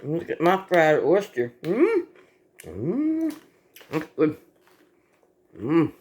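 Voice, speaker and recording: A woman's voice: sits low, wildly swooping pitch, extremely slow, a little mellow. A woman in a home video, talking to her pet in doting baby talk while it eats. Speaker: pet owner filming her pet.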